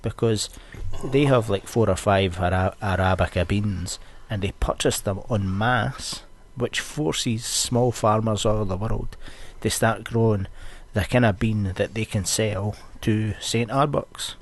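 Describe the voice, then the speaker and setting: A young Scottish man hosting a podcast, ranting in a loose, sweary, storytelling way. His voice sits fairly low and has a husky edge. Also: fairly even intonation, measured pace, few pauses. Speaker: podcast host. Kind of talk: casual podcast chat.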